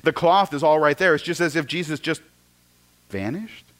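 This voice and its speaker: Male pastor, fairly high voice, storytelling sermon, builds excitement then drops to a hush. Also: normal speed. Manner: storytelling, swings from loud excitement to hushed asides, repeats words.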